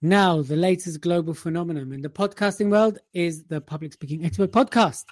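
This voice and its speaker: A man's voice: a little high, fairly quick, dry recording. A man co-hosting a podcast in casual banter, with playful, dry teasing. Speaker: podcast co-host.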